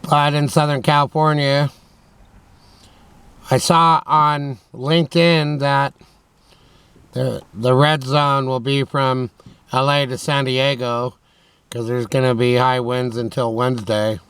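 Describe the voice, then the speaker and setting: A man doing a mock radio show from his van at night talks slowly and flatly, leaving long pauses, his mid-range voice fairly bright and clean. The casual late-night monologue rambles as he jokes to himself, recorded by a camera on a tripod.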